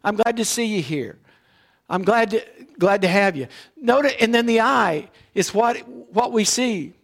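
A man's voice: sits high, expressive, a little slow. A male pastor preaching a morning sermon in church, explaining scripture in a conversational way and often checking in with "all right?".

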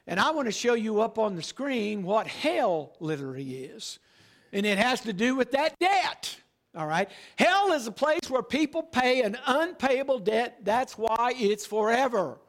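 High gravelly preaching older man. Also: sing-song, fairly bright tone. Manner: emphatic preaching, slowing for key phrases, frequent "all right?". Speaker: pastor. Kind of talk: sermon.

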